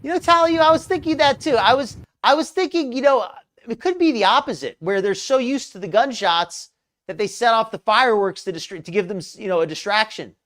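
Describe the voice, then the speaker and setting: A live reaction-show host talks over a clip in a mocking, sarcastic tone. The host rambles through long explanations and takes dry jabs along the way. The voice sits at an everyday middle pitch. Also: lively intonation, a little fast, fairly bright tone.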